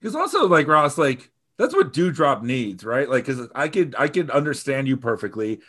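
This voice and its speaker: A man's voice: mid-range voice, sing-song, moderate pace, a bit bright. A man co-hosting a podcast, talking in long rambling runs with casual swearing and frequent laughter. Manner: rambling, profane, laughs often. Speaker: podcast co-host.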